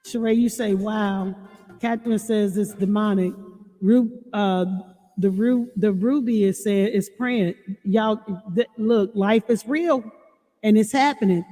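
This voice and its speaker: A woman chatting on a livestream, warning parents and reading out chat comments in an animated way. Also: mid-range voice, unhurried. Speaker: livestream host. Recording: long reverb with faint music.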